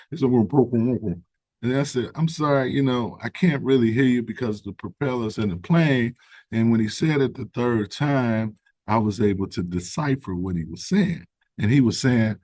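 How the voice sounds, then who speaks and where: Low-voiced man, earnest and reflective. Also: no room sound. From United States. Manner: earnest, reflective, builds to animated emphasis; conversational with fillers. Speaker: guest, recovery organization founder. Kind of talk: interview storytelling.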